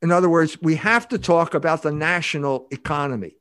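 A man's voice: a little high, brisk, fairly bright tone, smooth, no echo, studio quality. An older man, a guest author on a podcast interview, talking emphatically with many restarts.

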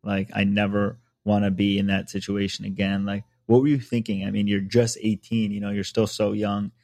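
A male podcast host asks casual, probing questions, rambling as he works toward the point. His voice sits somewhat low. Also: completely flat delivery, moderate pace, creaky, a little mellow. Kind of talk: casual interview.

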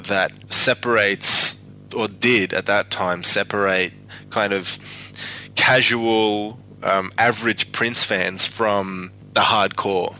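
A man's voice: lowish voice, fairly even intonation, slow pace, pushed and bright, slight background noise, poor audio. A man hosting a music podcast, talking casually with many fillers and restarts. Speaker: podcast host.

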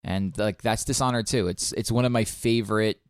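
Low-voiced man chatting about games. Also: moderate pace, smooth, dry recording, studio quality. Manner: rambling, many ums and restarts. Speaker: podcast co-host. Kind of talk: casual chat about video games.

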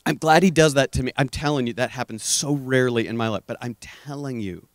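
A middle-aged man preaching a conversational sermon, telling stories earnestly and dropping to a hush for emphasis. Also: mid-range voice, a little fast, no echo, clean studio sound. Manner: addresses the audience as "guys".

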